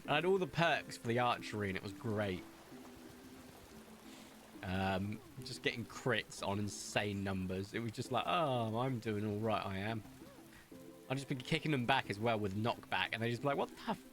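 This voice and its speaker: A man's voice: fairly low pitch, normal speed, soft background music. A young man chatting casually while streaming a video game, rambling through stories and comments as he plays. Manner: chatty, rambling, animated storytelling.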